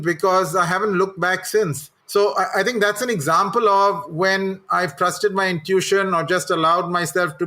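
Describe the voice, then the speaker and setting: A man's voice: sits high, bright, forceful tone. A middle-aged man, a guest telling candid, self-deprecating personal anecdotes. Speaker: guest, communications executive and coach.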